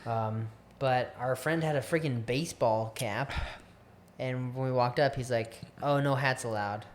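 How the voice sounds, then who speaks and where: A man's voice: mid-range voice, measured pace. Young male co-host, laid-back, short agreeing replies, casual chat. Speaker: podcast co-host.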